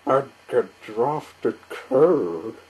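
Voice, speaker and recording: A man's voice: mid-range voice, lively intonation, drawn-out words, a little mellow, slightly rough, exaggerated voice, poor audio. A man voicing a cheerful, helpful little female engine in a storybook reading, eager and friendly.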